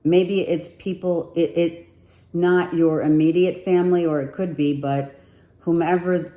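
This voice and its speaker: Woman tarot reader, low and mellow, strained voice, echoey room, unhurried chatty delivery. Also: fairly even intonation. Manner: chatty, repeats herself, thinks aloud while pulling cards. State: losing her voice. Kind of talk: casual tarot reading to viewers.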